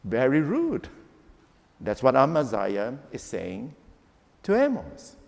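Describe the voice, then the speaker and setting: A man's voice: mid-range voice, wildly swooping pitch, slow pace, vocal fry, in a large hall. A man preaching a sermon, acting out the quotes he reads. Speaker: pastor.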